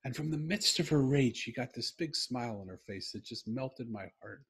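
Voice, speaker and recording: Middle-aged man with a husky voice, telling a story earnestly. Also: mid-range voice, animated, normal speed, fairly bright tone. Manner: earnest, heartfelt, emphatic. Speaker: guest. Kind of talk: personal storytelling in conversation.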